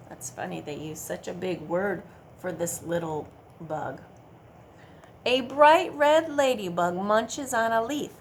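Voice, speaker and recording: A woman's voice: medium pitch, creaky, a little hiss or hum. A woman librarian with a Midwestern American accent reading a picture book aloud at a children's storytime, coaxing the kids to count and join in. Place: public library.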